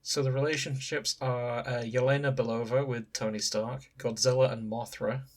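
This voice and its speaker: A podcast co-host reads out fanfiction details in loose, casual chat. The delivery is enthusiastic, with frequent giggling and playful banter, at an everyday middle pitch. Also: steady tone, moderate pace.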